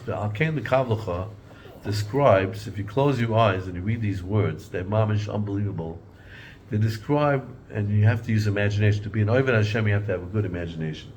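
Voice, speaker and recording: A man's voice: on the low side, lo-fi sound, a little hiss or hum. A man teaching an informal Torah class in a conversational way, often repeating and restarting words and mixing in Hebrew and Yiddish terms.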